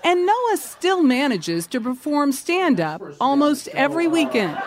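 A woman correspondent narrating a news feature in a measured, polished reporter delivery. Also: sits high, very animated, crowd noise.

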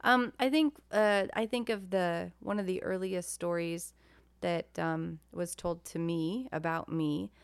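A woman with a fairly low voice chats on a podcast, telling a family story. She is wry and thinks aloud while she talks. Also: fairly even intonation, a little slow, clean tone. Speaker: podcast co-host. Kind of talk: casual storytelling chat.

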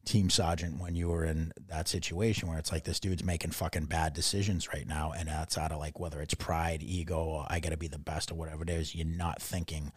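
A young man with a deep, slightly husky voice recounts his army days in loose, profane podcast chat. The sound is close and dry. He jumps into bits of other people's dialogue as he goes. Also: fairly quick, hardly any pauses, dry recording. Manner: profane, animated storytelling, acts out quotes. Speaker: army veteran guest. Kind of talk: casual podcast conversation.

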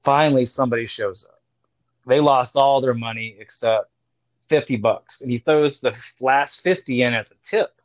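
A man's voice: medium pitch, moderate pace, dry recording. A man casually telling a story, swearing freely and acting out what people said. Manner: profane, animated storyteller acting out quotes. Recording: dull, dry lo-fi sound.

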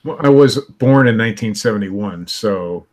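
Stubborn teasing middle-aged man, low-pitched. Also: expressive, moderate pace, a little mellow. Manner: stubborn, teasing, laughs often. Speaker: podcast co-host. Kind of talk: casual banter.

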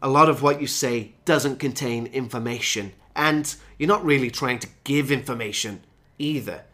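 A man hosting a podcast lesson for English learners, explaining phrases and slowing down to stress key ones. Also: mid-range voice, pushed and bright. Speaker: English teacher and podcast host.

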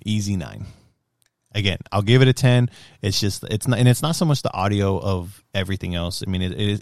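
A man talking in a casual, profane chat, loud and animated, whose voice jumps up high when he gets heated. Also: dry recording, studio quality.

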